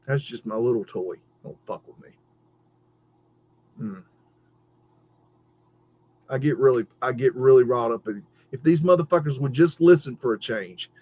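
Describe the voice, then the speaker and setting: Middle-aged guy ranting on a livestream, swears a ton, trips over his words, kinda high voice, muffled lo-fi audio. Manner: heated, profane, stammering restarts. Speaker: podcast host. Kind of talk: livestream rant. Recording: dull lo-fi stream audio.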